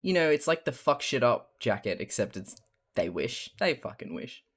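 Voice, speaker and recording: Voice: mid-range voice, sing-song, normal speed, slightly rough. A young adult with a mild Australian accent chatting casually on a live stream while drawing, rambling and laughing often, with the odd swear.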